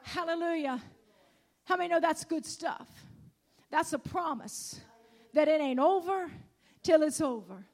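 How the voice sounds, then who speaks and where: Very high-voiced fervent woman preacher. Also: unhurried, long pauses. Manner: fervent, rising to shouts and dropping to hushed scripture reading. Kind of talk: Pentecostal-style sermon.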